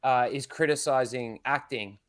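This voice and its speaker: A man with a mid-range voice joins a podcast as a guest. He talks in a halting way, restarting his sentences and swearing casually. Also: medium pitch, a bit bright. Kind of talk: casual chat.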